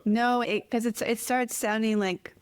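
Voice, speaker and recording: A woman's voice: a little high, fairly even intonation, unhurried, clear, resonant tone, dry recording. A woman from New England hosting a podcast, speaking in a friendly, conversational way. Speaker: podcast host. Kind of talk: casual interview chat.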